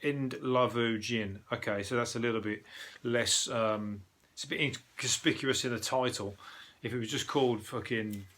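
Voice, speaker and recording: A man's voice: mid-range voice, fairly even intonation, moderate pace, fairly bright tone. A man with a Birmingham accent, hosting a casual solo news podcast in a rambling, sweary, chatty way with lots of fillers. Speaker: podcast host.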